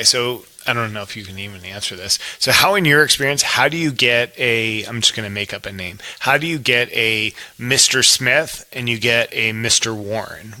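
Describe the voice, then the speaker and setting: A man hosts a podcast interview with a very bright, forward tone. He asks casual questions and restarts them hesitantly as he goes. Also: mid-range voice. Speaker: podcast host.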